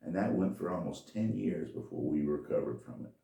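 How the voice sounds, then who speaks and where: A man's voice: low voice, animated, a little fast, gravelly, mellow, echoey room, far from the mic. A man telling a folksy, rambling story in a casual monologue.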